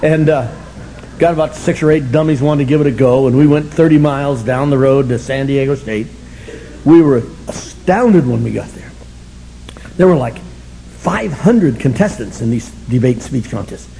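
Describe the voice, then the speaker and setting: An older man sharing his story at a recovery meeting, sardonic and humorous, breaking into shouts. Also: medium pitch, moderate pace, a little hiss or hum, rough recording. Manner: animated, sardonic, bursts into shouting.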